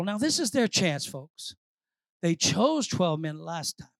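A woman pastor preaching a sermon, moving between quiet asides and shouted, repeated phrases for emphasis. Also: fairly low pitch, sing-song, normal speed, dry recording.

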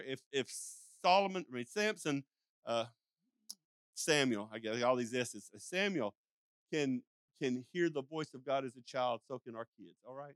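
A man's voice: fairly high pitch, fairly bright tone, no room sound. An older man preaching a sermon in a folksy, rambling storytelling way, acting out calls and sheep sounds with frequent restarts and asides. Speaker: pastor.

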